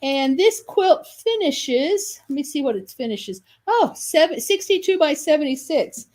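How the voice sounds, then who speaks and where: A woman's voice: high-pitched, animated, a little slow, a little mellow. A woman hosting a live sales video for quilt kits, chatty and enthusiastic, often correcting herself mid-sentence. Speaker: shop host selling quilt kits.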